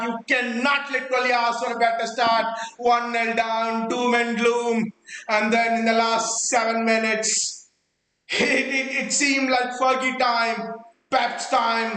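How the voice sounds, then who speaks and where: A man hosting a live football watchalong, talking in excited bursts and repeating words as he stumbles, out of breath. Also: very high-pitched, roomy sound, poor audio. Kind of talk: excited live fan reaction.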